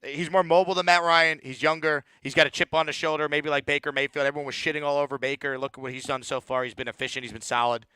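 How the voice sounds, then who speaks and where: A man's voice: on the high side, fairly even intonation, quick pace, hardly any pauses, bright, forceful tone, smooth, dry recording, studio quality. A man hosting a postgame call-in sports show, ranting bluntly and repeating words when he gets heated. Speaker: sports talk show host.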